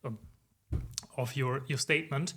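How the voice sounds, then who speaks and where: A man in his forties, a consultant guest in a podcast interview, answering in a measured, reflective way with many "um"s and "if you will". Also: medium pitch, fairly even intonation, a bit bright, slightly rough.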